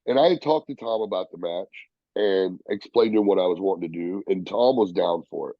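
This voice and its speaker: A man, a professional wrestler, telling stories in a casual interview, profane and animated, acting out the people he quotes. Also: low-pitched, a little fast, no echo, lo-fi sound.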